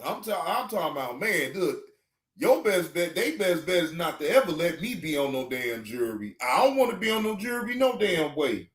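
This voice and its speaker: A man hosting a casual reaction stream, ranting in an animated, emphatic and joking way. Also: a little high, moderate pace. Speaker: streamer host.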